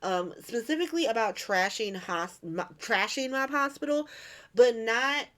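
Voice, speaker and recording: Animated woman doing a casual recap. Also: a little high, measured pace. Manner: animated, profane, acts out every character. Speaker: host. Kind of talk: casual soap opera recap.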